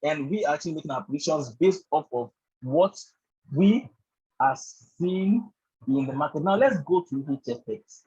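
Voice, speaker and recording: Teaching a trading bootcamp over a group call, this man has a high, slightly raspy, darkish voice and speaks animatedly at a normal speed. The audio is dull and lo-fi. He keeps checking in with "do you understand?" and "right?" and leans heavily on "actually" and "all of that."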